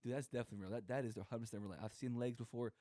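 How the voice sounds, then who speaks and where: Young man, podcast co-host, mellow warm voice, dry close sound, rambling comic storytelling. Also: mid-range voice, fairly even intonation, very fast, no echo. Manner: rambling, joking, acts out quoted voices. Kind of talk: casual comedic monologue.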